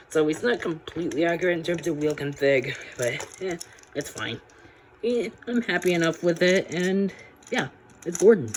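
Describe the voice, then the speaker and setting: A man's voice: a little high, fairly bright tone, slight background noise. A man casually reviewing a toy train set, chatty and rambling with frequent restarts.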